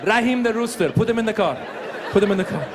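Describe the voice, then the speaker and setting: A man putting on a thick Persian accent to play a bossy immigrant father who shouts orders at the family, over a laughing live audience. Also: high voice, expressive, quick pace, crowd noise, noisy background. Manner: loud, commanding, heavily accented.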